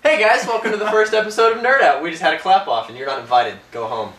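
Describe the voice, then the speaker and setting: A young man co-hosting a casual gaming podcast, excitable and jokey, swearing and slipping into silly voices. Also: high-pitched, fast. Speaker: podcast co-host. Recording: roomy echo, mic at a distance, faint noise.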